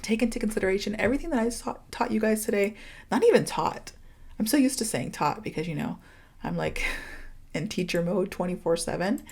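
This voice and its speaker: American woman in her 30s doing a chatty podcast, open and confiding, lots of "like", mid pitch, close mic. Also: lively intonation, fairly quick, darkish tone, husky. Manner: candid, confiding, many fillers like "like" and "you know". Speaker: podcast host and English teacher. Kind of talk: casual podcast monologue.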